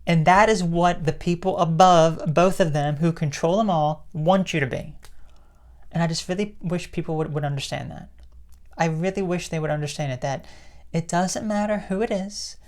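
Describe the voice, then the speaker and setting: A woman's voice: lowish voice, moderate pace, a little mellow. A woman giving her opinions in a casual vlog. She rambles, restarts her sentences often and laughs to herself. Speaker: political commentary vlogger.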